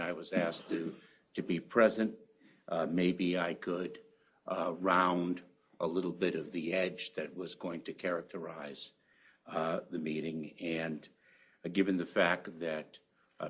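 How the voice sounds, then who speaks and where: Slow, husky, deep-voiced man speaking haltingly. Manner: halting, many ums and uhs, reflective. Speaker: conference speaker. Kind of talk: opening remarks speech.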